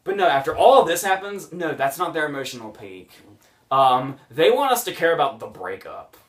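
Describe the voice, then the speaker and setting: A man's voice: on the high side, big pitch swings, moderate pace, far from the mic. A man hosting a casual movie review podcast, sarcastic and mocking scenes as he retells them.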